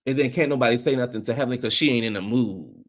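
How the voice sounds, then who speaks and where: A man giving a casual reality TV review, ranting in an animated, heavily profane way. His pitch sits mid-range for a man. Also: fast. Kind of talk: casual reaction commentary.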